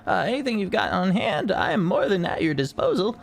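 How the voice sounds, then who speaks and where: A man's voice: sits high, sing-song, a little fast, creaky, slight background noise, pitched above the performer's own voice, heavily acted. A man voicing a jolly, portly half-dwarf tinkerer who sells odds and ends with eager salesman patter.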